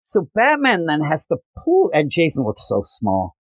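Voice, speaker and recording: Animated man retelling comic scenes. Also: a little high, moderate pace, dry recording. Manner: animated retelling, acting out character lines. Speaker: podcast co-host. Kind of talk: casual comic book review chat.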